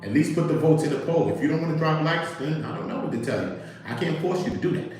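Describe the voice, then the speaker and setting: Animated man hosting a livestream, echoey room. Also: on the high side, fast talker. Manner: animated storytelling, acts out quotes, talks to chat. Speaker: livestream host. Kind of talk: casual livestream commentary.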